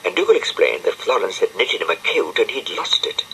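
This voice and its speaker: Lively low-voiced male storyteller. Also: brisk, slight background noise, poor audio. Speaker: audiobook narrator. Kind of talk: scripted storybook narration.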